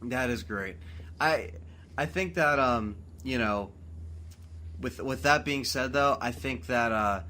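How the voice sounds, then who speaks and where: Excitable podcast host, a man with a bright voice and faint noise behind, swearing in late-night casual chat. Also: mid-range voice, takes it slowly. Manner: excitable, swears freely, laughs a lot. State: tired from talking at four in the morning.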